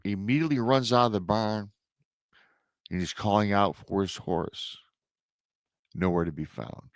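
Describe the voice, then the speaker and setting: A man's voice: lowish voice, moderate pace, no room sound, clean studio sound. A man hosting a show, dramatically retelling a listener's emailed story with emotional asides. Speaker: host reading listener accounts. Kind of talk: storytelling podcast narration.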